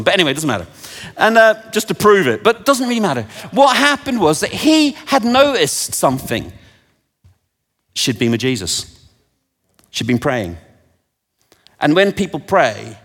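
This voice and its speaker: Preacher in a reverberant hall. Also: male voice, a little high. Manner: animated storytelling, self-deprecating asides. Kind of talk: sermon with anecdotes.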